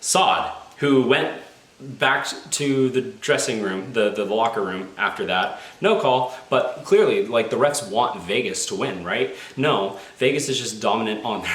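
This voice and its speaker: A man reviewing and reacting live to a hockey game, excitable and exasperated, rambling with restarts. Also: fairly low pitch. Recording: echoey room, faint background noise.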